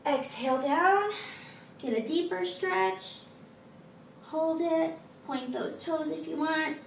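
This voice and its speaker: A woman in her thirties with an extremely high-pitched, froggy, scratchy voice leads a stretching routine as a fitness instructor, chatting encouragingly between cues. She takes it slowly, and the sound is roomy, with the mic placed at a distance.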